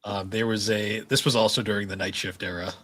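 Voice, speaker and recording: Young male co-host, husky voice, laid-back and profane. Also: on the low side, fairly even intonation, brisk, a bit bright. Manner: laid-back, swearing, laughing through stories. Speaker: podcast co-host. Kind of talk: casual chat, storytelling.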